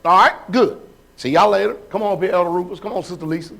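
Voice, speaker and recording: A man's voice: high voice, fast talker, creaky, bright, forceful tone. A man preaching as a pastor, calling members forward and asking the congregation whether they follow him. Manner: calls people up, checks in with the crowd. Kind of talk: live sermon.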